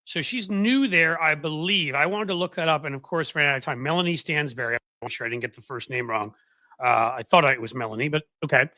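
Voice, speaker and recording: Sarcastic bright-voiced male political host. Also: a little high, fast talker, no room sound. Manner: sarcastic, rambling, animated. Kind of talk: casual political chat.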